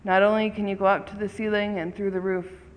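A storyteller voicing a calm, patient old rabbi. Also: medium pitch, a little fast, lightly acted. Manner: calm, gently questioning. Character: wise patient rabbi, older man. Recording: long hall reverb.

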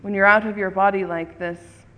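A storyteller voicing a wise, patient rabbi who speaks calmly and asks gentle questions, recorded with long reverb. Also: medium pitch, moderate pace, lo-fi sound, natural voice.

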